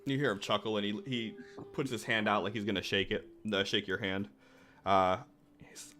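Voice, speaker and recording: A man narrating a tabletop game as the game master, in a relaxed way with lots of fillers. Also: fairly low pitch, moderate pace.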